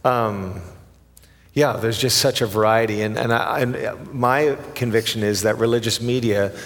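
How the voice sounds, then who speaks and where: A man's voice: on the low side, steady tone, unhurried, fairly bright tone, big-room sound. A man hosting an interview, asking thoughtful, hesitant questions. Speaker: interview host.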